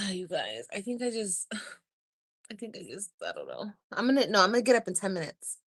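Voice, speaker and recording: A woman's voice: mid-range voice, huge pitch swings, no echo, clean studio sound. A woman in her thirties chatting casually on a livestream, tired, talking in a weary, sighing way. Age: 30s. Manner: weary, sighing, drawn-out talk. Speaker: livestreaming vlogger.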